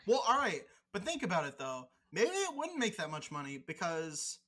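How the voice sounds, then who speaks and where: A podcast co-host talks in loose, rambling casual chat with a bright, forceful tone. The talk is teasing and sprinkled with swearing. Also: mid-range voice, wildly swooping pitch, moderate pace.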